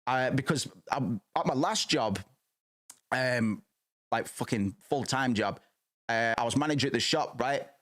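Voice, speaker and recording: A man in his thirties chatting casually as a streamer, rambling, swearing freely and restarting his sentences. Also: medium pitch. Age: 30s. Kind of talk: casual chat.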